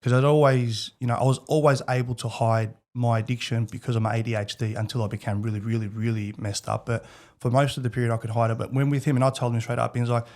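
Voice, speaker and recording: A man in his thirties with an Australian accent appears as a podcast guest in a casual interview, talking candidly and rambling with many restarts. His medium-pitched, darkish voice moves fast with little pitch movement.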